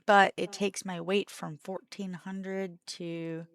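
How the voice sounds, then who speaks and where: A woman's voice: lowish voice, flat delivery, slow pace, no echo, studio quality. A woman co-hosting a game stream, chatting bluntly and with playful drama. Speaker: streamer co-host. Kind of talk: casual chat while gaming.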